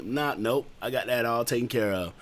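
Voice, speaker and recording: A man's voice: mid-range voice, moderate pace. A man hosting a casual podcast chat, laughing often and telling stories with animation. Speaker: podcast host.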